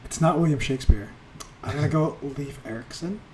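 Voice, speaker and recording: A man on a podcast speaks in a fairly high voice over a faint hiss. He mostly tosses in quick reactions and dry, teasing one-liners. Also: a little mellow. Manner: short reactions and teasing quips. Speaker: podcast co-host. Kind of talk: casual podcast chat.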